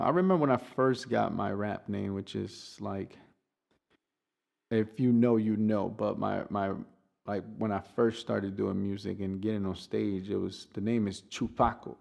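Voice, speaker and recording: A man's voice: on the low side, normal speed, gravelly, a little mellow. A man, a native Spanish speaker, hosting his podcast in a rambling casual monologue, full of restarts and swearing freely. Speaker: podcast host.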